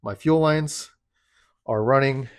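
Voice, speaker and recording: Out of breath in a dim, chilly home garage, this male vlogger chats casually about car parts, stumbling through fillers and restarting his sentences. His voice is medium in pitch, clear and resonant, with no room sound.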